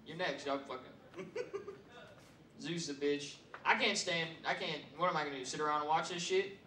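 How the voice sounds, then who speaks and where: A man doing stand-up, telling a profane story with loud bursts and laughs. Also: fairly high pitch, moderate pace, slight background noise. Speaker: comedian. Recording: roomy stage sound from far mic, audience.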